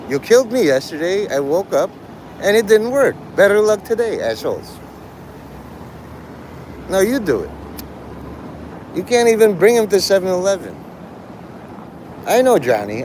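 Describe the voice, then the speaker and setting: Lively, profane man livestreaming. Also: high-pitched, a little hiss or hum. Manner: provocative, profane, rambling. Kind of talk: casual livestream chat with viewers.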